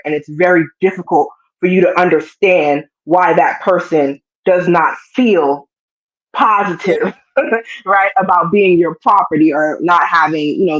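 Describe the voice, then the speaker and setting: A woman co-hosting a casual TV recap chat, animated and slipping into voices to act out the scenes. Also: lowish voice, muffled recording. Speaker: show co-host.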